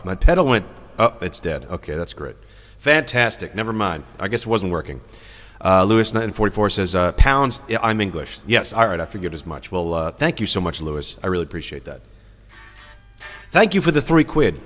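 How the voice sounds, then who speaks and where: A man's voice: sits low, lively intonation, fairly quick, a bit bright, in a large hall. A man hosting a live music stream, chatting casually between songs, rambling and joking as he reads viewer comments aloud.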